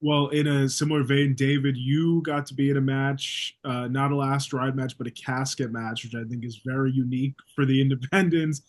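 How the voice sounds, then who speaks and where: A man's voice: mid-range voice, fairly even intonation, normal speed, hardly any pauses. A man with a mid-range voice hosting a podcast interview. He talks in a friendly, conversational way as he sets up his questions. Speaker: podcast host.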